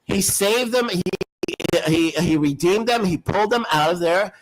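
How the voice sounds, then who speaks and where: A man's voice: sits high, normal speed, low-quality recording. A man hosting a live show, arguing in a preachy, insistent way with frequent restarts and fillers. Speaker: host. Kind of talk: heated live-stream debate.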